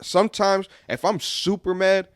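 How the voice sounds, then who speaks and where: A man's voice: high voice, little pitch movement, measured pace, clean tone, dry recording, clean studio sound. A young man co-hosting a podcast in casual chat, rambling and repeating himself. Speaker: podcast co-host.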